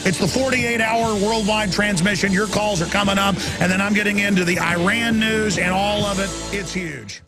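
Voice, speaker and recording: A man in his forties hosting a radio talk show, ranting in an animated monologue and mocking people in high put-on voices. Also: normal speed, few pauses, over music.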